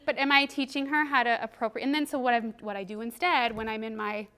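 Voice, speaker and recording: A woman in her thirties giving a workshop presentation as a trainer, animated and quick to laugh. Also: on the high side, clean tone. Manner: animated, laughs often, acts out quoted voices. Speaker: parenting and behavior trainer.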